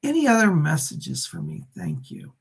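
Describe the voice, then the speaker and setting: Gravelly-voiced man giving psychic readings. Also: fairly high pitch, big pitch swings, moderate pace. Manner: relays spirit messages, thanks donors by name. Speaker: psychic medium on a livestream. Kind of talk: live streamed psychic readings.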